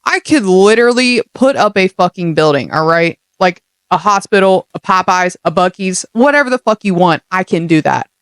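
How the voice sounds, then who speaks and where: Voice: mid-range voice, lively intonation, moderate pace, hardly any pauses, a bit bright, clear, resonant tone, dry recording, studio quality. A young adult podcast host giving a casual motivational monologue, blunt and heavily profane, full of streetwise slang.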